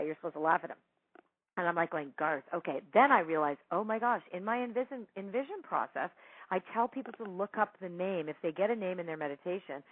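Chatty female storyteller, animated and laughing, dry tinny phone-line audio. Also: lowish voice, no echo. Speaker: psychic medium guest telling a story. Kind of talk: casual storytelling interview.

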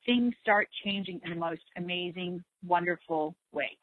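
A woman hosting a spiritual talk show, speaking slowly and gently, repeating herself to reassure listeners. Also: lowish voice, no echo, phone-quality sound. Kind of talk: slow soothing talk on meditation and letting go.

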